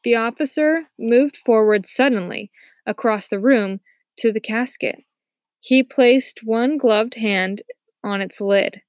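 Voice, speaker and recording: A woman narrating a novel aloud with steady, soft-spoken storytelling. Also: fairly high pitch, slow pace, no echo. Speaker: audiobook narrator. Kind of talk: scripted narration.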